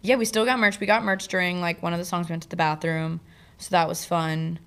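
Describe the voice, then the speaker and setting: A young woman co-hosting a podcast, telling a travel story in lively casual chat and acting out the people she quotes. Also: on the low side, brisk. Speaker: podcast co-host.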